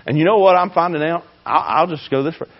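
Man, fiery preacher, fairly high voice, muffled lo-fi recording. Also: quick pace. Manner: impassioned, swings from shouting to hushed. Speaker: pastor. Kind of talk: fiery sermon.

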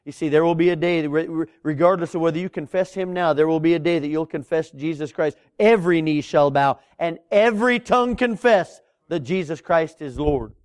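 Middle-aged male pastor, high voice, preaching a sermon with swells, drops and stretched words. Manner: preacherly, swells and drops in volume, drawn-out emphasis. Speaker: Baptist pastor.

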